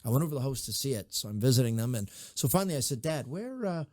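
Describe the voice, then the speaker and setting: Middle-aged male guest, mid-pitch, animated raconteur, dry studio sound. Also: rapid-fire, dry recording. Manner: animated storyteller, acts out quoted voices. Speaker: mayor, interview guest. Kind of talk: conversational interview advice and storytelling.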